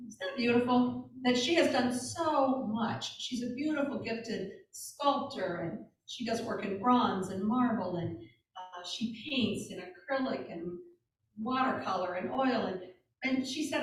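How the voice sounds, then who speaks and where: A woman's voice: fairly high pitch, a little slow. A woman guest speaker telling stories to a church audience in a chatty way, with many asides. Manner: chatty, warm storytelling with asides and fillers. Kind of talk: informal talk to a congregation. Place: church hall. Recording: echoey hall, speaker far from mic.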